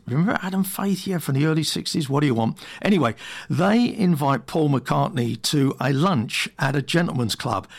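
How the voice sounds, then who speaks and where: A man presenting on the radio, telling a lively anecdote between songs with quick asides. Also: on the high side, creaky.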